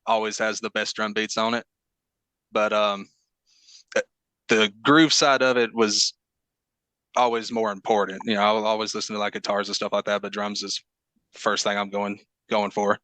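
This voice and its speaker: A man's voice: lowish voice, little pitch movement, moderate pace, long pauses, sharp tone, smooth, no room sound. A man with a Southern Alabama accent, a band drummer chatting in a laid-back, easy way as a podcast guest. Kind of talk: casual podcast interview.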